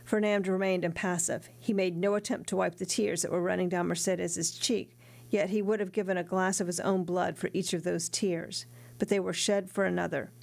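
A woman narrating a classic novel aloud in a steady, earnest reading voice. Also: on the low side, normal speed, gravelly. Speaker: audiobook narrator.

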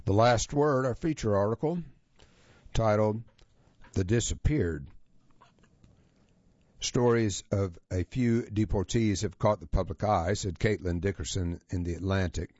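A man presenting a magazine feature as scripted narration, reading in a measured, even manner. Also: on the low side, dry recording. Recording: dull, lo-fi, dry sound.

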